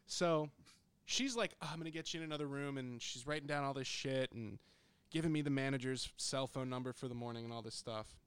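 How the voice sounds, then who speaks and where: This young man has a mid-range, clean voice and talks fairly quickly as he spins a podcast story, casual and blunt with plenty of swearing. He's right up on a close studio microphone, and the sound is dry.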